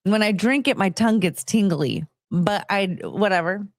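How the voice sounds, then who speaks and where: A woman's voice: mid-range voice, normal speed, no echo. Rambling, self-mocking woman streamer. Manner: rambling, self-mocking, greets chat in a sing-song lift. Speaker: live streamer. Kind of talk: casual live-stream chat.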